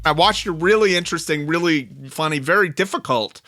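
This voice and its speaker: A man hosting a podcast, chatty and quick to laugh, asking his guest probing questions and reading a short intro. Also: a little high, sharp tone, no room sound, faint music behind. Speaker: podcast host. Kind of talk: interview and scripted intro narration.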